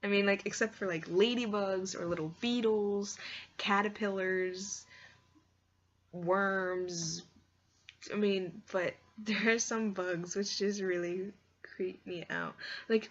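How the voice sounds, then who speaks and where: A woman's voice: mid-range voice, unhurried, muffled recording. A woman vlogger chatting casually and rambling, with lots of fillers. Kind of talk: casual chat.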